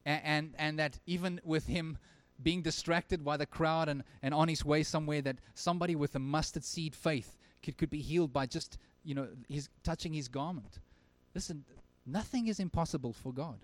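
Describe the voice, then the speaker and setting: A man preaching a sermon to his church, his voice sitting a little high for a man. He talks earnestly, rising to stress a point and then dropping almost to a hush. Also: moderate pace, hardly any pauses, dry recording. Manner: earnest, swinging from emphatic to very quiet. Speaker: pastor. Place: church service.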